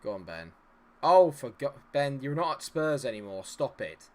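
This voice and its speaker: Exasperated man with a lively voice. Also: mid-range voice, normal speed. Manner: exasperated, swearing, talks at the players on screen. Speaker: game streamer. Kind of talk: live commentary on his own gameplay.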